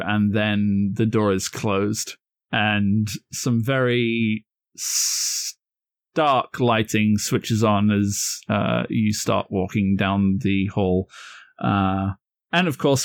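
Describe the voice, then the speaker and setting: A man narrating scenes as game master of a tabletop game, relaxed and full of fillers. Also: on the low side, no room sound, clean studio sound.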